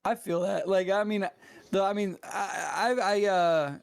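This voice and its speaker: A man's voice: high-pitched, steady tone, a little slow, creaky, clear, resonant tone. A male game streamer, a guest on a podcast, talking in an earnest, loose stream of thought in casual chat.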